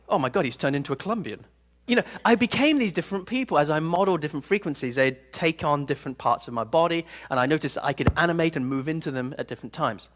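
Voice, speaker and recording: A man giving a live seminar talk to an audience in a room, telling stories in an animated, playful way. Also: a little high. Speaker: personal development speaker.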